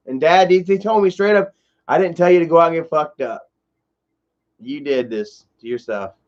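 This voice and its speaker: Rambling profane man, muffled stream audio. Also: high-pitched. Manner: rambling, profane, fills with "you know" and "bro". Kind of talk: casual storytelling livestream.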